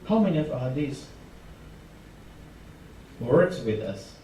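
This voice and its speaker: Male preacher, mellow dark tone, impassioned delivery, distant mic in a reverberant mosque hall. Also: medium pitch, big pitch swings, slow, a little hiss or hum. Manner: impassioned, rising emphasis on repeated phrases. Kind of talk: sermon. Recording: echoey hall, mic from far off.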